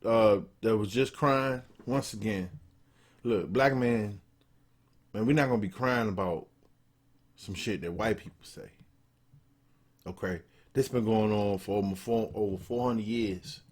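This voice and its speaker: Blunt husky-voiced man ranting. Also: fairly low pitch, a little slow, long pauses. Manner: blunt, profane, emphatic, repeats for emphasis. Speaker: political commentator. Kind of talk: casual video commentary.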